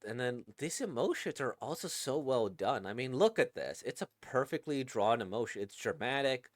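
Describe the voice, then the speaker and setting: A man's voice: medium pitch, very animated, moderate pace, no room sound, clean studio sound. A man giving casual, chatty commentary while reading a manga, enthusiastic and full of fillers. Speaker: manga reaction creator.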